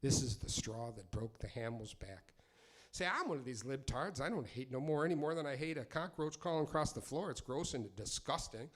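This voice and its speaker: A man's voice: mid-range voice, expressive, brisk. A middle-aged man performing live, chatting loosely between pieces and delivering rhyming, profane, sardonic spoken word in a driving rhythm.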